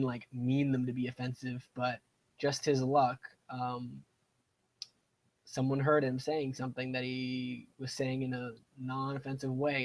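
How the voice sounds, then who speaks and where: In casual gameplay commentary, a young man with a mid-range voice streams a strategy game, drifting into side stories and muttering to himself about his moves in a rambling way. The recording sounds rough.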